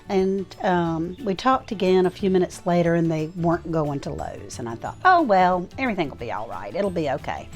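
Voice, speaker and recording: A woman's voice: fairly low pitch, animated, moderate pace, hardly any pauses. A woman, a homestead vlogger telling viewers a story in a folksy, emotional way. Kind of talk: casual storytelling to camera. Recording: faint music behind.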